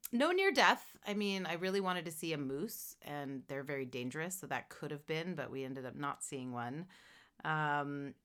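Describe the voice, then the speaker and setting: A Canadian woman with a notably low voice co-hosts a relaxed podcast conversation. She talks in a halting way, full of ums and restarts, and laughs easily. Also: clean tone. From Ontario, Canada. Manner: hesitant, many ums and restarts, laughs often. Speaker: podcast co-host. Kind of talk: casual chat.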